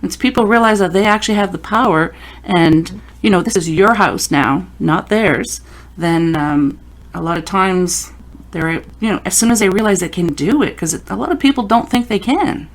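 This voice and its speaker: A woman's voice: mid-range voice, normal speed. Chatty woman podcast host. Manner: chatty, storytelling with quoted asides. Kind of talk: casual interview chat.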